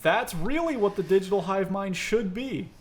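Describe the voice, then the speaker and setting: Young man telling dark comic stories. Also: high-pitched, moderate pace, slight background noise. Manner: dark deadpan storytelling, laughing often. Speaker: podcast host. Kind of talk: casual comedic podcast chat.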